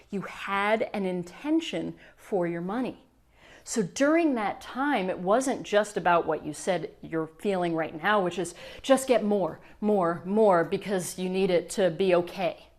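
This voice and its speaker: A middle-aged woman coach telling a client story to camera, acting out the quoted dialogue with lively energy. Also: medium pitch. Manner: animated, acts out quoted dialogue. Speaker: law of attraction coach.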